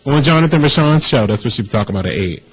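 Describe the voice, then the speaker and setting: A man's voice: medium pitch, lively intonation, very fast, breathy edge, poor audio. A man hosting a casual internet radio show, reading news items and joking with a caller. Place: radio studio.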